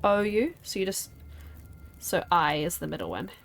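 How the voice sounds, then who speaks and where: A woman's voice: fairly low pitch, big pitch swings, normal speed, gravelly. A woman, streaming a game and chatting with viewers in a rambling, giggly way. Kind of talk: casual live-stream chat while gaming.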